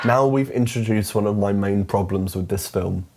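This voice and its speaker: A man's voice: on the low side, normal speed, very noisy. A young British man reviewing a film in a chatty, amused way, full of fillers. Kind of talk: casual comedic film review.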